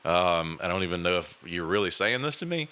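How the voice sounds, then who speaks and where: A man's voice: low-pitched, very animated, brisk, bright, forceful tone, clean tone. A man, hosting a podcast and telling a personal story in a casual, earnest way, with many fillers and restarts. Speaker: podcast host.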